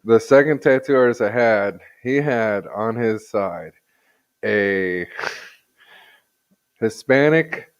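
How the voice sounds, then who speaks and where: A man's voice: fairly low pitch, slow pace, pauses often, clear, resonant tone, lo-fi sound. A man who is a podcast guest, chatting casually and rambling through anecdotes.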